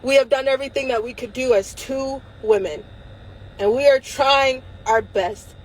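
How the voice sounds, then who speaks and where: A woman livestreaming rants at normal speed in a high voice, angry, defiant and frequently profane, occasionally close to tears yet laughing. Poor audio.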